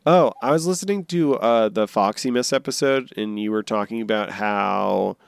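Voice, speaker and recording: Podcast co-host, man, smooth resonant voice, playful and rambling, dry close sound. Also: lowish voice, moderate pace, dry recording. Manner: jokey, rambling, bursts into silly honking bits. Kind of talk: casual chat.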